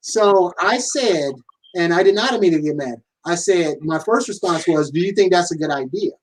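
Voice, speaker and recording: Measured man, a bit off-mic. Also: high-pitched, expressive, recorded from a distance, slight background noise, poor audio. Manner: measured, fact-focused, playfully interrupts. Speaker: podcast co-host. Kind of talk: casual conversation.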